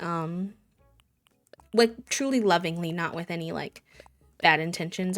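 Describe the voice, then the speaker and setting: A woman's voice: on the low side, a little slow, long pauses, faint music behind. A woman from Wisconsin chatting casually and rambling as a live streamer while she plays a video game. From Wisconsin, USA.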